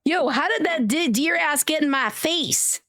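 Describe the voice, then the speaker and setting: A woman's voice: sits high, unhurried, no room sound, studio quality. Bubbly young woman game streamer. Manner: bubbly, excitable, giggly. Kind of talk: casual live-stream chat.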